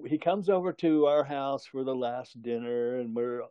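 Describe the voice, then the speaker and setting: A man's voice: mid-range voice, moderate pace, smooth, dry recording, dull audio. An older man telling a long story in casual conversation, rambling, chuckling and correcting himself as he goes.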